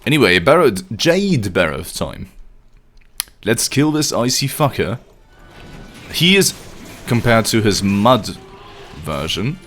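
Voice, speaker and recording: Speaking in a fairly low but fairly bright voice, this livestreamer plays a video game and keeps up a stream of jokes and profanity for his audience.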